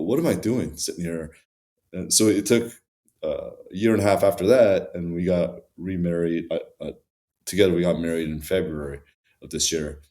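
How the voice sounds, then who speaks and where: Deep-voiced man, hesitant and reflective. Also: darkish tone. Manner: reflective, hesitant, many fillers, slows down. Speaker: podcast guest. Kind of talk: personal story in conversation.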